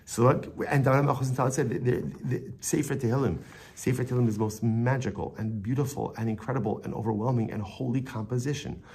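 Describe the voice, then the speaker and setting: A man's voice: mid-range voice, fairly even intonation, fast talker, a little mellow, husky. A man giving a Torah lesson as a rabbi, telling the story with Hebrew phrases woven in and often repeating words as he thinks.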